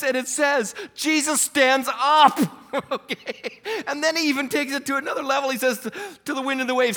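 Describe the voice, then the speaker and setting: A man preaching a sermon, telling stories with folksy humor and loudly acting out quoted lines. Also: very high voice, normal speed. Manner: animated storytelling, acts out quotes loudly. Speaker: pastor.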